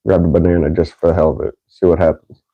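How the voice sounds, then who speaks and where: A man's voice: low-pitched, little pitch movement, fast talker, dull audio. A man hosting a casual podcast, doing a food taste challenge, laughing often and swearing casually. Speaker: podcast host.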